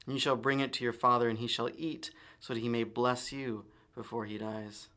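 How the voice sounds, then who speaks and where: A man's voice: medium pitch, little pitch movement, fairly quick, sharp tone, lightly acted. A man reading the lines of a mother pressing her son to follow her plan. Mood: insistent. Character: scheming mother urging her younger son.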